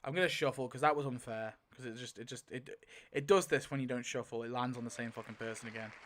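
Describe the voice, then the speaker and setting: A man's voice: medium pitch, steady tone, fast talker, fairly bright tone, slight background noise. A young man giving casual commentary as he spins a wheel to pick story outcomes, rambling with lots of filler and frequent swearing. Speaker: video creator.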